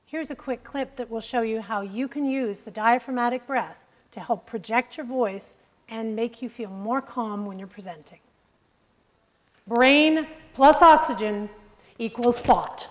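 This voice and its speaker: A woman's voice: a little high, a little slow. A woman coaching a group through breathing exercises in a live workshop, upbeat, joking and directive. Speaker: presentation skills coach. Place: large room with a group. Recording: reverberant hall sound.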